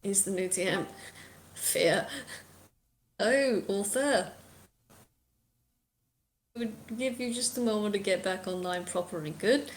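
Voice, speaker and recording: A woman's voice: medium pitch, moderate pace, slight background noise. Woman running a tabletop game. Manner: relaxed, hesitant, filler-heavy. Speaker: game master.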